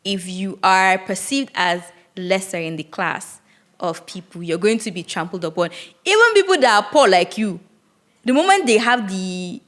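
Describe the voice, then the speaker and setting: A woman's voice: mid-range voice, expressive, normal speed, a bit bright. A young woman, hosting a solo podcast and reflecting candidly aloud, with frequent restarts. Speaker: podcast host.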